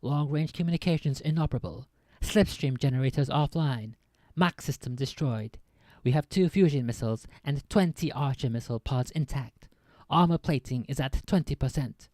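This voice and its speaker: A woman's voice: very deep voice, normal speed, dark tone, no echo. A woman reading aloud and voicing a male starship captain in a put-on Scottish accent, giving clipped military reports.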